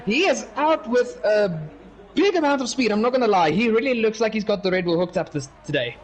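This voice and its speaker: High-voiced young man commentating a race. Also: expressive, brisk. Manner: chatty, giggly, apologetic asides. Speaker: sim racing commentator. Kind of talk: casual live race commentary.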